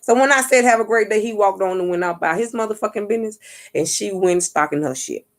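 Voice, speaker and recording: Woman vlogging a story, cusses constantly, animated, keeps checking if you follow. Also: mid-range voice, fairly quick. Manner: profane, street-talking, keeps asking "you get what I'm saying"; animated, acts out what others said. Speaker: spiritual reader and vlogger. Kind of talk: casual storytelling monologue.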